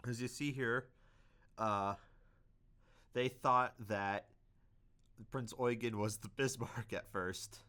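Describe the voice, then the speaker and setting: A man's voice: medium pitch, slow, long pauses, pushed and bright, clear, resonant tone. A young man hosting a casual history video, hesitant, with many fillers and self-corrections.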